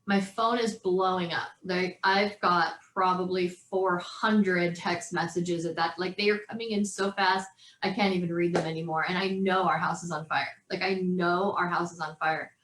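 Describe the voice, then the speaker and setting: A woman in her forties telling a story in an animated way and acting out the voices of others as an interview guest. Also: fairly low pitch, moderate pace, reverberant, slight background noise, poor audio. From California.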